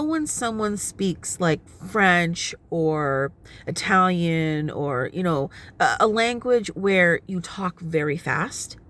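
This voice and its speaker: A middle-aged woman vlogging casually from her car, chatty and often laughing as she explains at length. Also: lowish voice. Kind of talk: casual talking-head vlog. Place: inside her parked car. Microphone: phone propped on the steering wheel.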